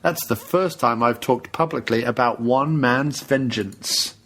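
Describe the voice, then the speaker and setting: A man's voice: medium pitch, a little slow, fairly bright tone. A man co-hosting a casual podcast, jokey and laughing often. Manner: jokey, laughing, slips into silly put-on voices. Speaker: podcast co-host.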